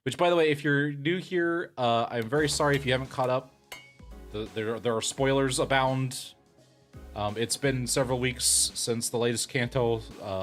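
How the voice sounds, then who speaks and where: A man's voice: medium pitch, fairly bright tone. A man chatting casually with his live stream audience in a self-deprecating way, laughing often. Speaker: streamer and voice actor.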